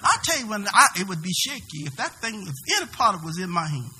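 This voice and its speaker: A man preaching a sermon. He asks the congregation questions and bursts into shouts. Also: high-pitched, big pitch swings, fast, slight background noise. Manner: preaching with sudden shouted peaks and call-and-response questions.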